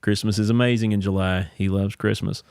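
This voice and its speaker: A man hosting a podcast, telling a story in casual chat and jumping into quick impressions of other people. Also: on the low side, fairly even intonation, darkish tone, smooth, dry recording, studio quality. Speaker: podcast host.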